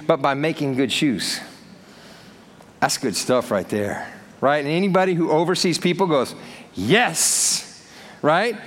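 Male pastor, slightly high voice, casual lively sermon delivery, long hall reverb. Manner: lively, conversational preaching with acted-out quotes.

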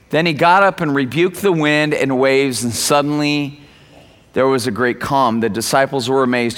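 A high, bright male voice preaching with animated energy, acting out little scenes as he goes. His words ring out through a church hall with a long reverb tail. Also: moderate pace. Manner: animated, acts out quoted voices. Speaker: pastor. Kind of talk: sermon.

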